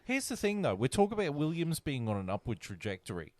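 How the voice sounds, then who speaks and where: A man's voice: a little high, big pitch swings, brisk, no room sound. Blunt man, dry podcast voice. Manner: blunt, stumbling restarts. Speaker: podcast host reading news items. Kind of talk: casual chat.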